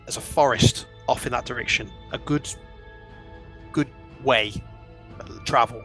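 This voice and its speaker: Bright-voiced man narrating a tabletop game. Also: medium pitch, faint music behind. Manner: descriptive, unhurried narration with fillers. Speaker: dungeon master.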